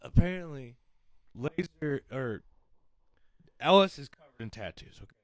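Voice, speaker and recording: Male podcast co-host, mid-pitched, animated storyteller, dry close mic. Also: measured pace, no room sound. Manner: animated storyteller, laughs while retelling. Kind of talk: casual chat.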